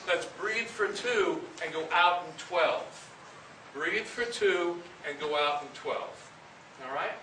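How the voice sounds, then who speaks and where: A man's voice: high-pitched, slow pace. Man coaching breathing drills in an echoey hall. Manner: calls counts loudly and firmly, explains between sets. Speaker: band director leading a breathing warm-up. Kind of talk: instructional coaching with counted exercises. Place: large rehearsal room with a band. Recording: echoey room, far from the mic, audible hiss.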